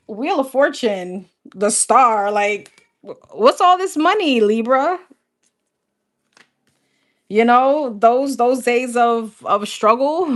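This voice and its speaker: A woman's voice: fairly high pitch, a bit bright. A young adult woman doing a casual tarot reading, calling out cards one after another and chatting with viewers, laughing often. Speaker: tarot reader.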